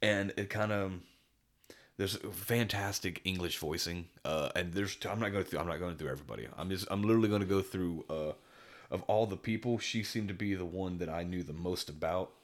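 In this casual podcast conversation, the male co-host talks fairly quickly in a low voice. He's enthusiastic and rambly, starting over many times.

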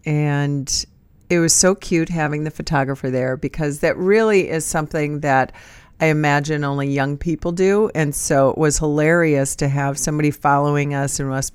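A woman in her late fifties with a smooth, resonant voice that sits a little low for a woman. She chats casually on a podcast and laughs along, recorded dry and close. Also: fairly even intonation, moderate pace, darkish tone, no room sound. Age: 50s. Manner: chatty, laughs and chimes in. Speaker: podcast co-host. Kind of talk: casual chat.

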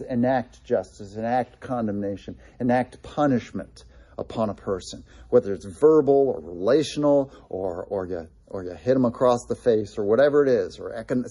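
A male pastor delivering a sermon in a mellow, slightly husky voice. He preaches earnestly and repeats short phrases for emphasis. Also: mid-range voice.

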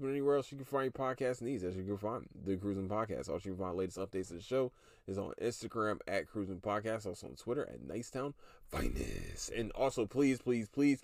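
A man's voice: on the low side, dry recording, clean studio sound. Profane, exasperated man in his thirties. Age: 30s. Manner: profane, exasperated and loud, breaks into laughter. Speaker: podcast host. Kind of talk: solo podcast rant.

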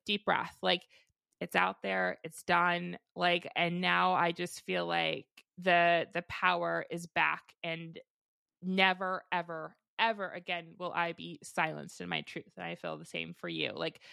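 Gravelly-voiced woman podcast host. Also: on the low side, bright, forceful tone, dry recording, studio quality. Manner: gushing, supportive, with many "like" fillers. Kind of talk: casual podcast conversation.

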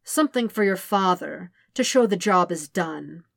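A woman's voice: fairly low pitch, lively intonation, normal speed, gravelly, dry recording, clean studio sound. A woman voicing a smug, gloating male naval commander in an audiobook reading of fan fiction.

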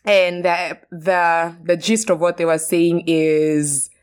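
A young woman hosting a casual podcast chat, expressive and mixing in Swahili words. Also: on the low side, slow pace, clean tone. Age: young adult. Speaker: podcast host.

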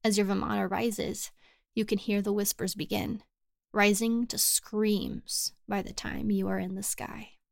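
A woman narrating a short story for a podcast in a measured, even storytelling manner. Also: medium pitch, vocal fry, no echo, clean studio sound. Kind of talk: scripted fiction narration.

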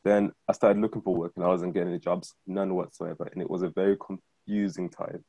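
A man in his thirties speaks quickly and casually as he recounts his own story, often checking in with "do you know what I mean?" His voice sits on the low side with a husky edge. The sound is dry and close. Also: level tone, mellow, dry recording, highs cut off. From Zimbabwe. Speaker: guest, freelance director. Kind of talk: personal testimony in conversation.

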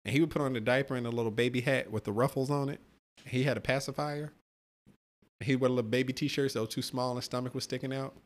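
A man's voice: mid-range voice, steady tone, fast. A man co-hosting a podcast, talking bluntly and profanely and pushing back in casual banter. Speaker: podcast co-host. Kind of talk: casual chat.

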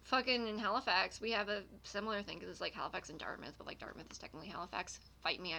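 A young woman from Nova Scotia co-hosting a podcast in casual chat, animated and quick to laugh, swearing now and then. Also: on the low side, creaky. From Nova Scotia, Canada. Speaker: podcast co-host.

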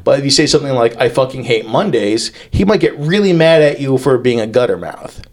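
Male podcast co-host, mid pitch, animated delivery, crude humor, casual. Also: quick pace. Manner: crude, joking storyteller who laughs often. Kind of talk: casual chat.

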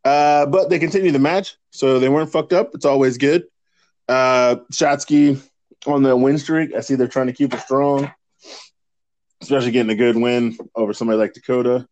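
A man's voice: medium pitch, steady tone, normal speed, a little mellow, no room sound. A man co-hosting a casual podcast, laid back and joking, with plenty of swearing. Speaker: podcast co-host.

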